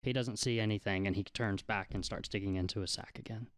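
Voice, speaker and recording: A man's voice: fairly low pitch, fairly even intonation, a little fast, fairly bright tone, dry recording. A man running a tabletop game as game master, narrating with playful amusement.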